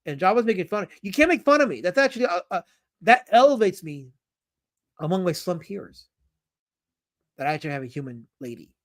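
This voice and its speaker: A man live-streaming, reading chat comments aloud and talking about comics in an animated, jokey way. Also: high voice, a little fast, long pauses.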